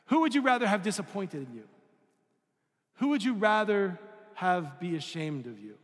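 Male pastor, conversational sermon, rhetorical questions, slightly high voice, long hall reverb. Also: big pitch swings, takes it slowly, long pauses.

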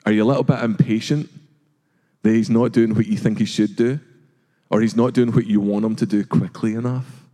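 Middle-aged male preacher, warm mellow tone, earnest sermon delivery, long church reverb. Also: lowish voice, steady tone, fairly quick. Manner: earnest, rhetorical questions, acts out quoted voices. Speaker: pastor. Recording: long reverb of a large hall.

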